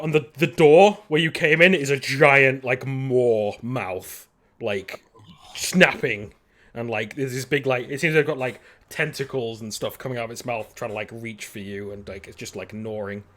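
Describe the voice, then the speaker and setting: A man's voice: mid-range voice, moderate pace, a bit bright. A man narrating as game master in a rambling way, with lots of fillers.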